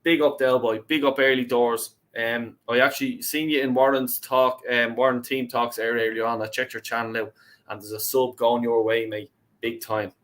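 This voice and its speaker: A man's voice: mid-range voice, level tone, moderate pace, a bit bright. A young Irish man hosting a fan call-in live stream, chatting casually, reading out chat messages and swearing freely. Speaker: host of a fan call-in show.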